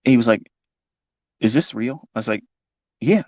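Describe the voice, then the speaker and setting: A fifty-year-old man with a gravelly voice, telling a personal story off the cuff in a blunt, emotional way with plenty of swearing. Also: mid-range voice, moderate pace, dry recording. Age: 50s. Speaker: trading educator on a live talk. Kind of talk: unscripted live talk.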